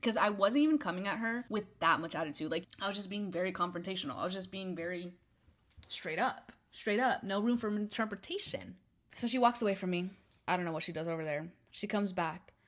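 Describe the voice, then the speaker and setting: A young woman casually telling a storytime, animated and petty, acting out quotes and dropping to whispered asides. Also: mid-range voice, a little fast. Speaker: vlogger.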